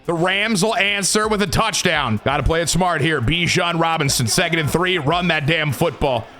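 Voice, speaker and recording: A man commentating a football video game from his room, yelling at big plays and muttering in between. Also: moderate pace, soft background music. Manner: swings from loud hype to low muttering. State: sweaty and tired from long recording. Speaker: gaming YouTuber.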